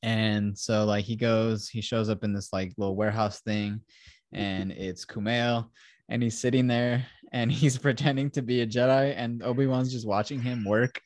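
Young guy retelling a show scene by scene, low voice, dry close sound, keeps going "he's like". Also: fairly even intonation, normal speed, dry recording. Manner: rambling retelling full of "he's like" asides. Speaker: podcast co-host reviewing a show. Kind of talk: casual chat.

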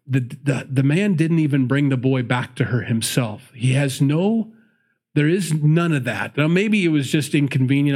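A man's voice: medium pitch, lively intonation, unhurried, darkish tone. A man preaching a sermon, reading scripture aloud and breaking off into chatty asides, correcting himself as he goes. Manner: chatty asides between read verses, self-correcting.

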